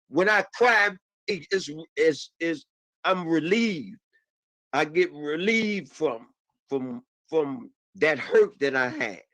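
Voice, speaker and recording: Male panelist, emotional testimony, high bright voice. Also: no room sound, poor audio. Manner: emotional, repetitive, calls out "man" and "y'all". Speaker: panelist sharing personal testimony. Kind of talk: impassioned personal testimony.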